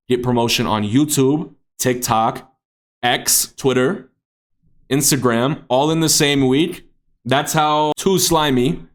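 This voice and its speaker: A young man with a somewhat high voice runs a class in loose, everyday talk. He is blunt and profane, and he calls on his students directly as he goes. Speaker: instructor for aspiring music artists.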